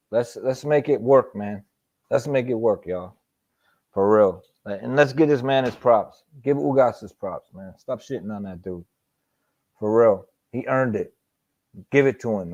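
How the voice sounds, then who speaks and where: Casual male streamer, loose, slangy and profane, mid-pitched voice, dull lo-fi sound. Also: darkish tone. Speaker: boxing talk show host. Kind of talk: casual live-stream commentary.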